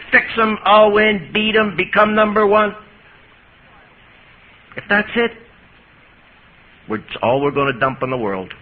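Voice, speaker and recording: A male priest giving a lively, folksy talk on recovery to an audience, recorded on an old 1980s tape. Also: high voice, a little slow. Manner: lively, folksy, jokey storyteller. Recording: muffled 1980s tape with hiss.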